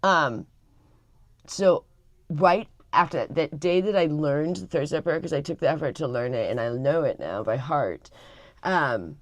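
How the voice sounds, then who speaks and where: A woman's voice: low voice, dry recording. A middle-aged woman vlogging casually to camera, rambling with many fillers and restarts. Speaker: family vlogger.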